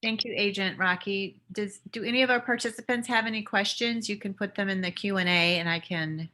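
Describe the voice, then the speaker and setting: A woman moderating a virtual conference session, thanking the speaker and inviting questions in a polite, measured way. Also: mid-range voice, steady tone, sharp tone. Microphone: video call.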